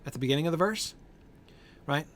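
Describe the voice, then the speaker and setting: A man's voice: on the high side, animated, fairly quick, a bit bright, slight background noise. A man leading an informal Bible study group. He thinks aloud with many fillers, keeps checking in with "right?", and answers group members by name.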